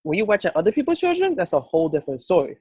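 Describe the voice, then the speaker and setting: A man hosting a podcast, telling quick joking anecdotes in casual conversation. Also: high voice, wildly swooping pitch, darkish tone, breathy edge, dry recording. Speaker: podcast host.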